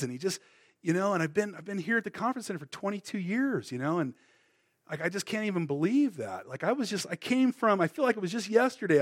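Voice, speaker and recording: A middle-aged man preaching, telling his testimony in a casual, rambling way full of fillers and restarts. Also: fairly high pitch. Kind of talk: sermon with personal testimony.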